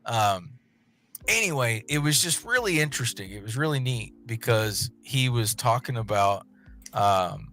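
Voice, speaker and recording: A man's voice: medium pitch, animated, measured pace, bright, forceful tone. A young man, co-hosting a casual chat show and telling a story with lots of restarts. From West Texas. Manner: rambling storyteller, many restarts. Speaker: podcast co-host.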